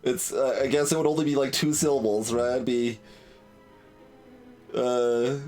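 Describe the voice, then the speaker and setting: A male streamer rambles through casual commentary while he plays. He sounds amused by himself, and his voice sits at an ordinary pitch. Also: little pitch movement, unhurried, darkish tone, faint music behind.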